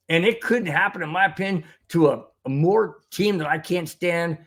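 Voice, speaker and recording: A male sports podcast host reads out chat comments and rants about the refs in a heated, sarcastic way. His voice sits somewhat high for a man. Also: animated, moderate pace, hardly any pauses, fairly bright tone. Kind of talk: casual sports talk, reading chat comments.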